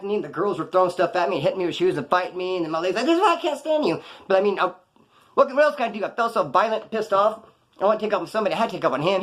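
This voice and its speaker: Brisk, slangy male storyteller with a higher-leaning voice, candid and profane. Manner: profane street slang, rambling, animated. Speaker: former prisoner telling stories. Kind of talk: casual storytelling to camera.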